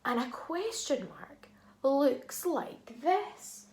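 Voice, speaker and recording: Slow, high-voiced woman teacher. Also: sing-song, a little mellow, roomy sound. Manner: slow, clearly sounded-out teacher voice. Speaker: primary school teacher. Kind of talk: phonics lesson for young children.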